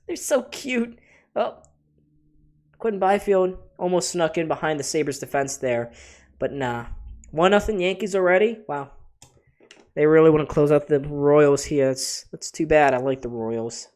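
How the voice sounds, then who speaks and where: A man's voice: mid-range voice, darkish tone. A man hosting a live reaction stream, giving chatty play-by-play commentary and talking to his viewers. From Buffalo area, USA. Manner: chatty, talks to his chat as "folks". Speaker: livestream host.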